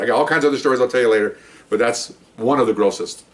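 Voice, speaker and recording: A man's voice: mid-range voice, very fast. An older man, a former police detective, casually telling a rambling story and acting out the other people's lines.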